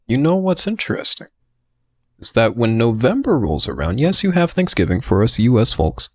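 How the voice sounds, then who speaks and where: Animated, rambling man. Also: mid-range voice, moderate pace, breathy edge, dry recording. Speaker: podcast co-host. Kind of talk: casual banter.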